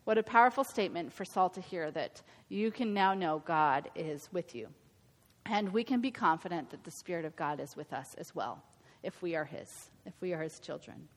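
A woman's voice: lowish voice, lively intonation, normal speed. A woman giving an earnest, conversational Bible teaching, correcting her own slips. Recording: long hall reverb.

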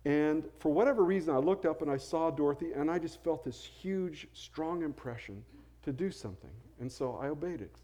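A middle-aged man, a pastor, telling stories in a sermon in a conversational way, going soft and low when he quotes people. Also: expressive, normal speed. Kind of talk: storytelling sermon.

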